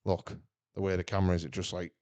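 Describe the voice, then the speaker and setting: A man talking loosely on a podcast, his voice low and warm. He rambles and jumps between thoughts, with plenty of energy. The sound is dry and close to the mic. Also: quick pace, no echo. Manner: rambling, animated, chatty. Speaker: podcast co-host. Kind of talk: casual chat.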